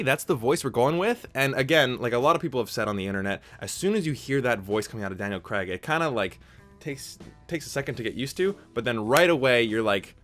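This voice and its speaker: A man's voice: medium pitch, a bit bright. A young man hosting a casual movie review vlog, talking enthusiastically in an informal, chatty way. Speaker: movie reviewer, channel host.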